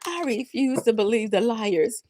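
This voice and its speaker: A woman's voice: fairly high pitch, unhurried, a little mellow. A woman in her fifties hosting a live spiritual pep talk, preaching with emphatic repetition and laughing through near tears. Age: 50s. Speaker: tarot reader and live-stream host.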